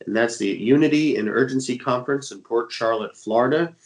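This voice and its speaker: Eager and filler-heavy, this co-host of a religious radio show talks briskly in a mid-range voice made stuffy by a cold. He's an internet evangelist from the Dallas, Texas area, heard on a rough recording.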